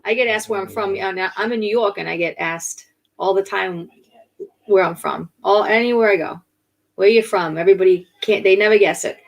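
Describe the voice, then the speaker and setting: A woman's voice: mid-range voice, fairly quick, vocal fry, rough recording. A woman with a Boston accent, chiming in and laughing during a casual chat. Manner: laughs often, chimes in with short agreements.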